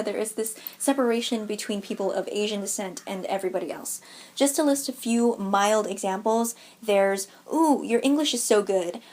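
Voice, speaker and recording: A woman's voice: mid-range voice, a little mellow. A young American woman in her twenties giving a blunt, sarcastic commentary vlog. She swears often and laughs now and then. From United States. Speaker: YouTuber.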